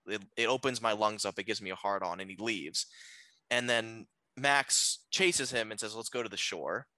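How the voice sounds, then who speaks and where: A podcast co-host talks casually through a film's plot, rambling with many fillers and restarts. His voice is on the low side but pushed and bright, in a rough recording with no room sound.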